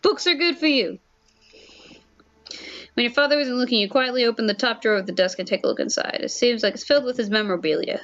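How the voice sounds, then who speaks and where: A woman's voice: on the high side, racing, few pauses, dull audio. A young woman streamer with a headset mic, chatty and rambling, reading a story game aloud and joking about herself. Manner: chatty, rambling, self-mocking. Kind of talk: casual let's-play commentary and reading.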